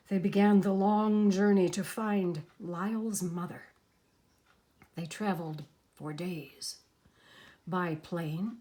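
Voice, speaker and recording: A woman reading a children's picture book aloud in an expressive, animated way. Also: lowish voice. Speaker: storybook narrator.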